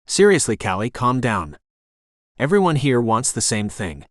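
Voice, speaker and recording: A man's voice: medium pitch, sing-song, moderate pace, no room sound, studio quality, lightly acted. A man voicing a blunt young woman who keeps the peace in a bossy, exasperated, no-nonsense way, read from an audiobook.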